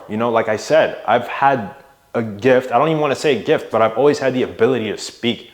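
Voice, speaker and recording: A young adult man coaching viewers in a motivational monologue, casual and emphatic, pushing his voice up and down to stress words and checking in with "right?". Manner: emphatic, varies loudness and pitch for emphasis, casual with "bro" and "right?". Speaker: mindset and fitness coach.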